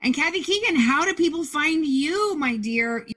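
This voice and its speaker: A woman's voice: sits high, lively intonation, normal speed, pushed and bright. A woman co-hosting a podcast over a video call, bubbly and upbeat as she wraps up the show. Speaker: podcast co-host. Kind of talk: casual podcast with a scripted sign-off.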